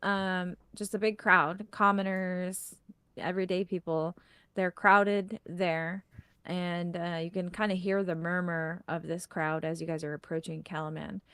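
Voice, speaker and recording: A woman's voice: lowish voice, flat delivery, a little slow, a bit bright, clean tone, no echo. Rambling, casual woman game master. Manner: casual, rambling, full of fillers and "like". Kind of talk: narrating a tabletop game.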